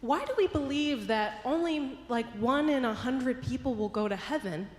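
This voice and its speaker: A woman's voice: high voice, expressive, moderate pace, pitched above the performer's own voice. A woman voicing a curious little boy who asks earnest, wide-eyed questions, in an echoey hall. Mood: questioning. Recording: echoey hall with long reverb.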